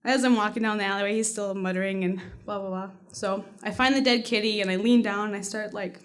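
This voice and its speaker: A woman's voice: mid-range voice, steady tone, fast. A woman telling a personal story on stage at a live storytelling night, casual and salty, often laughing as she goes.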